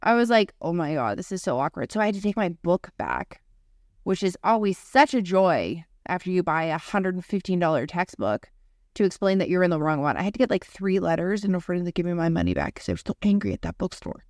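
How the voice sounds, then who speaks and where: Animated woman telling a story. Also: on the low side, brisk, no room sound, studio quality. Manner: animated anecdote-telling, acts out quotes, swears casually. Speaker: podcast co-host. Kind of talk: casual chat, storytelling.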